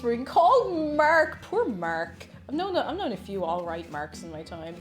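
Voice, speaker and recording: A woman's voice: a little high, big pitch swings, a little slow, few pauses, faint music behind. A woman chatting casually while she cooks on a live stream, giggly and talkative, reading out chat messages. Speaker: cooking streamer.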